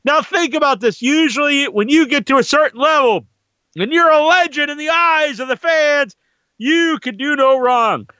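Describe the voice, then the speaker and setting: A man's voice: very high voice, moderate pace, pushed and bright, no echo, dull audio. A man talking casually in a rambling, profane monologue about wrestling. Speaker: wrestling commentator.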